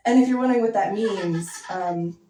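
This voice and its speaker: Deadpan woman doing stand-up. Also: medium pitch, normal speed. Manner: deadpan, conversational, full of likes and ums. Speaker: stand-up comedian. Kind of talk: stand-up set. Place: basement comedy venue with audience. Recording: echoey basement, mic heard from a distance.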